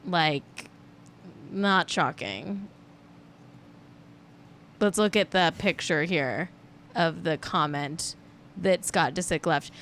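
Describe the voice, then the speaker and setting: A woman's voice: fairly low pitch, a bit bright, slight background noise. A woman hosting a celebrity gossip livestream, chatting casually and rambling, correcting herself as she goes. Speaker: celebrity gossip show host.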